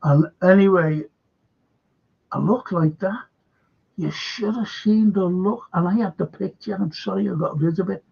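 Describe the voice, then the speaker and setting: An older man hosts a casual chat in a raised, gravelly and husky voice. He talks haltingly, restarting his sentences and filling gaps with "uh" and "you know". The recording sounds dull and lo-fi. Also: sits high. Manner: halting, full of fillers and restarts. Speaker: host.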